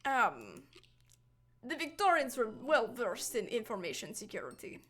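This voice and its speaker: A woman's voice: a little high, very animated, measured pace, fairly bright tone. A woman voicing a gloomy, formal goth man who loves Victorian things, with a put-on Slavic accent. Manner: stiff, formal diction.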